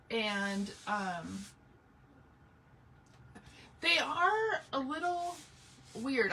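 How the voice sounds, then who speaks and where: A woman's voice: on the high side, pushed and bright, distant mic, a little hiss or hum. A woman hosting a casual live craft tutorial, chatting and greeting viewers by name as she works. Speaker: craft livestream host.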